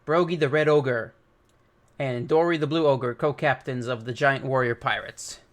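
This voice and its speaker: A man's voice: mid-range voice, steady tone, moderate pace. A man hosting a manga reaction video, reading the chapter aloud and dropping casual comments between the lines. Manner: casual, reads dialogue aloud with light commentary.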